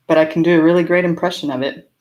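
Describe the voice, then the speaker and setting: The sound is lo-fi, and the woman's voice is lowish with a darkish tone. A Californian homesteading channel host with a slight rural American twang, she answers chat in a casual live-stream Q&A, upbeat and talkative, often laughing between remarks.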